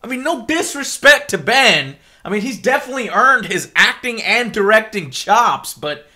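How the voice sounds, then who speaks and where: A man's voice: very high-pitched, sing-song, moderate pace, few pauses, sharp tone. A man ranting to camera in an exasperated, heavily profane vlog, repeating himself as he works through his complaints. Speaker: vlogger. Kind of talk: angry rant to camera.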